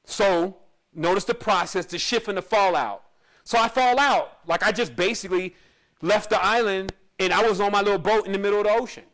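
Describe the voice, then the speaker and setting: High-voiced man rambling through a story. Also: fairly quick, a bit bright. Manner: rambling, with frequent restarts and asides. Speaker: spiritual teacher. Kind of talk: casual storytelling monologue.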